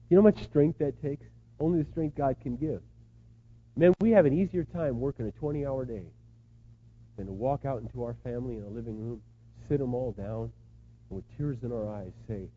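A middle-aged man preaching a sermon, moving between hushed, tender asides and loud, impassioned pleas. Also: medium pitch, phone-quality sound. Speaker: pastor.

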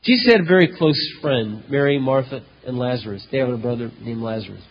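A male pastor preaching a sermon, telling a story dramatically, with loud emphatic peaks and hushed low passages. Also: expressive, fast talker, breathy edge. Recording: dull lo-fi recording in a reverberant hall.

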